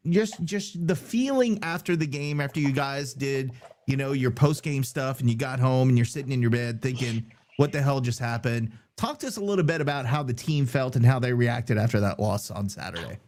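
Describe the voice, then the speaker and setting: A man's voice: medium pitch, a little fast, a little mellow, a little hiss or hum. Chatty Cajun-accented man. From Louisiana. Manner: loose and chatty, jokey asides. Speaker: podcast host. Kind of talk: casual sports talk.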